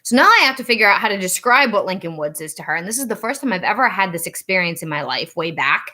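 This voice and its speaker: A woman tells a story straight to camera in a casual, chatty way. Her voice is bright and clear, and it rises high whenever she acts out the things people said. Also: fast. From Rhode Island. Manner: animated, acts out quoted dialogue with rising pitch. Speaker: psychic reader and channel host.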